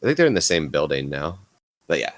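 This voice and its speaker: A man running a tabletop game as game master, checking in with the players through quick clarifying questions. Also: very deep voice, sing-song, no echo.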